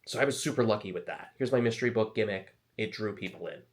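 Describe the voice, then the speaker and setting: A man's voice: lowish voice, fast. A man talking casually to camera as an author giving advice, chatty and self-deprecating, wandering into asides. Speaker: author and video host.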